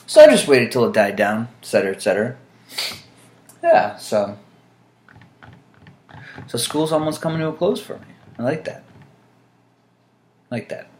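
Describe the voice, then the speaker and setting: A man's voice: mid-range voice, sing-song, normal speed, long pauses, darkish tone. A man chatting casually to camera in a vlog, meandering and dry-humored, with frequent fillers. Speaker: vlogger. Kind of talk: casual rambling monologue to camera.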